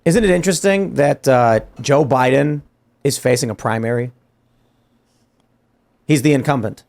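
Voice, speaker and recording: A man's voice: mid-range voice, normal speed, gravelly, a little mellow. Exasperated ranting male podcast host. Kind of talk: political talk show discussion.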